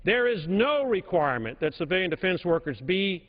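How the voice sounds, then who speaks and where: Emphatic high-voiced congressman in an echoing chamber. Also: very animated, a little fast, hardly any pauses. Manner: emphatic, repeats key points for stress. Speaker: congressman giving a floor speech. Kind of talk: formal floor speech. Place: large legislative chamber. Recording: reverberant chamber, dull broadcast audio.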